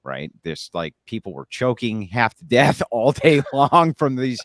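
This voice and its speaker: A man's voice: mid-range voice, very animated, unhurried, a bit bright, dry recording, clean studio sound. A man from California ranting emphatically in a casual livestream chat.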